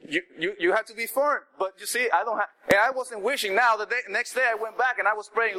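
A man preaching a sermon in a conversational, animated way, with asides to the congregation. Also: sits high, brisk, few pauses, rough recording.

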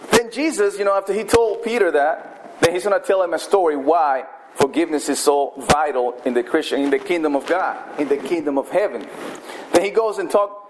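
A man preaching a sermon in a conversational way, often saying "I mean" and slowing down to stress key words. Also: high-pitched, noisy background. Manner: conversational, repeats "I mean", emphatic slowdowns. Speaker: pastor.

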